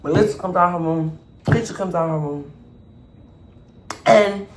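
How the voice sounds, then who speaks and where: A man vlogger telling a storytime over an eating show, animated and acting out the people in his story. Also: fairly high pitch, normal speed, long pauses. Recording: echoey room, faint background noise.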